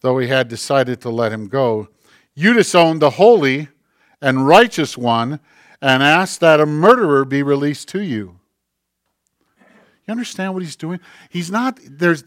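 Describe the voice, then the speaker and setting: A man preaching a sermon, moving between soft, conversational asides and forceful, rising preaching. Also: a little high, lively intonation, unhurried, no echo, clean studio sound. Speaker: pastor.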